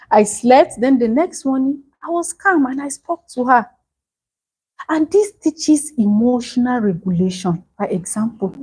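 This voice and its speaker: Earnest woman teaching parents, slightly high voice. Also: dark tone, low-quality recording. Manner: earnest, pleading, repeats key phrases. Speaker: parenting coach.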